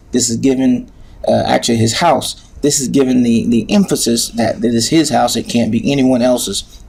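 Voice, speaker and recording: A man's voice: mid-range voice, creaky, darkish tone, slightly rough. A man teaching an Arabic grammar lesson, patient and hesitant, with many filler sounds.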